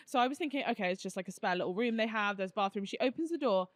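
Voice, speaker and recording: A woman co-hosting a podcast, telling an embarrassing story in excitable casual chat. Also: a little high, fast talker, few pauses, no room sound. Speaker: podcast co-host.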